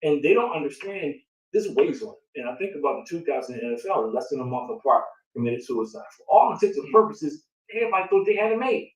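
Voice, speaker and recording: A man's voice: on the high side, fast talker, recorded from a distance. A man in casual conversation, talking. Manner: animated, repetitive, rhetorical questions. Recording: roomy sound from off the mic.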